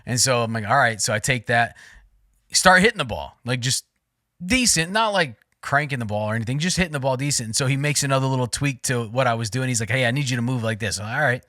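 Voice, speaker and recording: This man in his forties has a bright, forceful voice and tells his story loosely, piling up fillers and restarts as his excitement builds. He sounds close and dry, with no room around him, in a relaxed podcast chat. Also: medium pitch, fast talker, no echo. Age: 40s. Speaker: podcast co-host.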